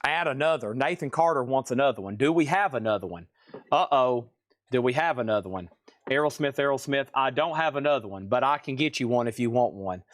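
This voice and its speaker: A man's voice: mid-range voice, expressive, a little fast, dry recording, studio quality. A man running a live vinyl sale, chatting in a folksy, rambling way and humming bits of songs. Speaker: live-stream record seller. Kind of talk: live sales stream chat.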